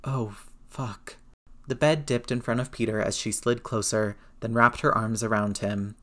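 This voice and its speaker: A woman narrating a story aloud in a steady, measured way. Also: a bass voice. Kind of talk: audiobook narration.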